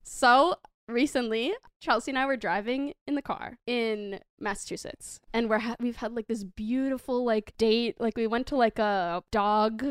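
A woman co-hosting a podcast, telling a comic story in casual chat, animated, swearing freely and laughing often. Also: on the high side, moderate pace, few pauses, clear, resonant tone, no echo, studio quality. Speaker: podcast co-host.

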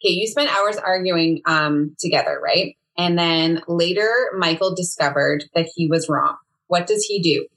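Chatty podcast co-host, a woman with a low, husky voice. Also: normal speed, few pauses, fairly bright tone, poor audio. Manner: chatty, laughs often, runs a game. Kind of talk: casual chat.

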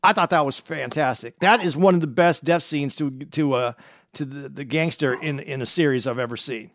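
A man's voice: fairly high pitch, moderate pace, no room sound, clean studio sound. A man chatting casually on a podcast, rambling and repeating words as he searches for them.

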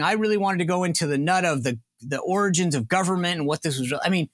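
A man with a high voice hosts a political talk podcast, talking in an animated way and slipping into indignant quoted lines. The sound is dry and close. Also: fast, no room sound. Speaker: podcast host. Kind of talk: political talk show discussion.

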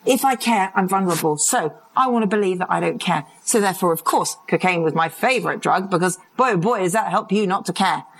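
A woman's voice: lowish voice, a little fast, hardly any pauses, rough recording. A woman addiction expert giving a live conference talk, telling stories and acting out the voices of people in them. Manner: vivid storytelling, acts out quoted voices. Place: conference hall, live audience.

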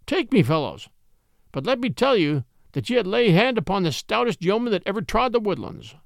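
A man voicing a simple, bewildered cobbler who speaks in a slow, wondering way. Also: high voice, big pitch swings, creaky, dry recording, clean studio sound, pitched above the performer's own voice, full character voice. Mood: resigned.

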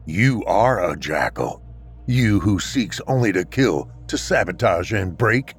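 A man voicing a calm, resolute male warrior who speaks in a cold, quiet, measured way. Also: on the low side, breathy edge, faint music behind. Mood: cold resolve.

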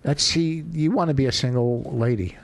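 A man's voice: medium pitch, moderate pace, no echo. A middle-aged man co-hosting a podcast, needling his co-host in blunt, dry banter. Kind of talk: casual banter.

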